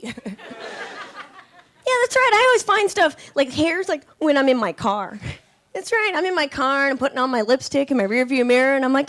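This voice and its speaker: Sassy high-voiced woman comedian. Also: lively intonation, normal speed, a bit bright. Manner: sassy, punchy delivery with impressions of relatives and men. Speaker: stand-up comedian. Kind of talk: stand-up comedy set. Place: comedy club stage with a live audience.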